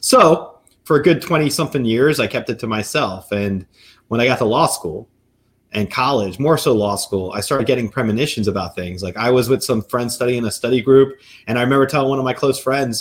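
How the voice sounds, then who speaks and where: A man, guest on a podcast, talking as a psychic medium and lawyer, telling stories in an animated, lively way. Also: medium pitch. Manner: animated, quick storyteller. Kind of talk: storytelling in a podcast interview.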